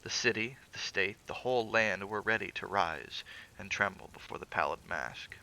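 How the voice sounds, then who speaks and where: A man giving a measured, theatrical reading of a classic horror story aloud, with occasional stumbles. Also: lowish voice, lively intonation, creaky, bright, forceful tone, low-quality recording.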